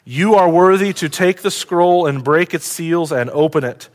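At normal speed and a fairly high pitch, a male pastor preaches, directing questions at the congregation. His points move from loud and excited to hushed and heartfelt.

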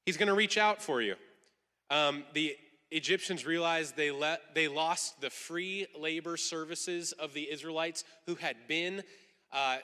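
A man preaching a sermon in an animated way, acting out quoted voices for emphasis. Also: sits high, big-room sound. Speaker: pastor.

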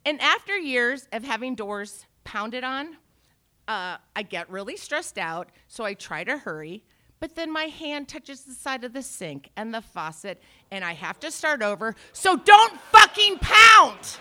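A woman in her forties telling a brash, profane stand-up story, swinging from low mutters to shouts. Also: animated, measured pace. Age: 40s. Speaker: stand-up comedian.

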